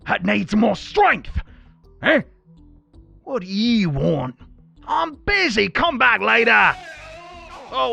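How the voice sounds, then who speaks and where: A man voicing a brash, hot-tempered male demon blacksmith in a put-on Australian accent, loud and excitable. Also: extremely high pitch, creaky, pitched above the performer's own voice, exaggerated voice. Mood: frustrated. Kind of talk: reading game dialogue aloud in character.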